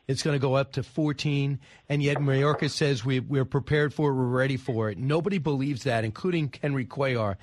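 A man's voice: mid-range voice, brisk, few pauses, a little mellow, dry recording. A middle-aged man hosting a talk radio show, pressing his guest with emphatic, indignant questions. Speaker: radio host.

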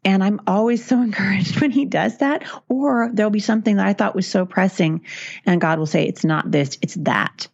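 A woman's voice: medium pitch, a little fast, creaky, darkish tone, breathy edge, no echo, muffled recording. A middle-aged woman, a guest author, talking earnestly and encouragingly in long flowing stretches. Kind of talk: casual interview chat.

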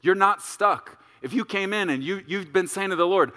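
A middle-aged male pastor preaching a sermon, telling a story and acting out voices with big jumps in pitch and volume. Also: moderate pace, bright, forceful tone, long reverb tail.

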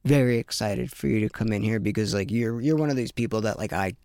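A man's voice: lowish voice, fast talker, a little mellow, smooth, dry recording, studio quality. A man hosting a podcast, chatting casually and effusively, swearing often. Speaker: podcast host. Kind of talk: casual interview chat.

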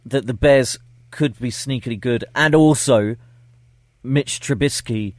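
A man's voice: mid-range voice, measured pace, dry recording, clean studio sound. A man co-hosting a sports podcast, casual, laid-back and teasing. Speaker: podcast co-host.

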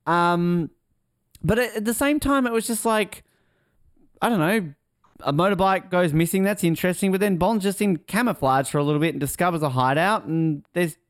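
Rambling man on a lively podcast. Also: high-pitched, dry recording, studio quality. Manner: rambling, self-interrupting, laughs often. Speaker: podcast co-host. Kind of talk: casual chat.

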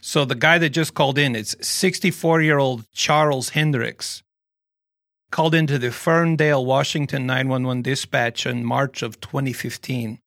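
A man's voice: medium pitch, fairly even intonation, normal speed, fairly bright tone, dry recording, clean studio sound. A man hosting a podcast in casual chat, joking and restarting his sentences. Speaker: podcast host.

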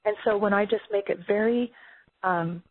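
A woman's voice: medium pitch, normal speed, husky, dry recording. Woman on a tinny phone line. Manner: energetic, role-plays sales calls. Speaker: guest, health coach. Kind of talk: interview talk.

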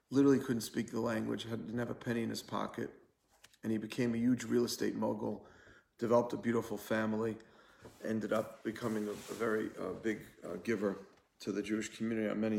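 Gravelly rabbi teaching in an echoey room. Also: male voice, lowish voice, a little mellow. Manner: storytelling, repeats key phrases. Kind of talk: recorded live-stream Torah class.

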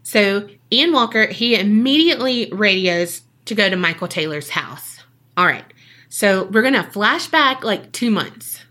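A woman's voice: mid-range voice, expressive, measured pace, sharp tone. A woman co-hosting a podcast, telling a true-crime case in a casual, jokey way and acting out the people she quotes.

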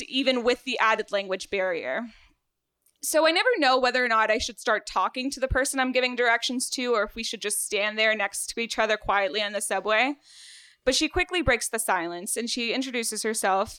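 A young woman raised in Florida after a childhood in Venezuela tells a personal story live on stage, lively and quick to poke fun at herself. Her voice is bright, smooth and clear. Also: a little high. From Venezuela, raised in South Florida. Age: 20s. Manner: lively and self-deprecating, laughs often. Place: theater stage, live event.

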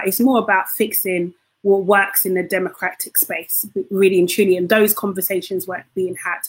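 A woman's voice: medium pitch, little pitch movement, normal speed, few pauses. A woman co-hosting a casual opinion podcast. She talks earnestly and keeps checking in with her listeners. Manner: earnest, often asks "do you know what I mean".

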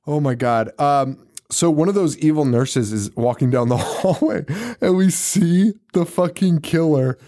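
A man's voice: on the high side, a little slow, warm tone. A man co-hosting a podcast, chatting casually and profanely as he recaps a movie, laughing and acting out scenes. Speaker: podcast co-host.

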